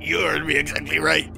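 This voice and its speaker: Bright-voiced deadpan man in improv. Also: a little high, gravelly. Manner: deadpan, earnest mock-romantic delivery. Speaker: podcast co-host. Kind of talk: improvised comedy sketch.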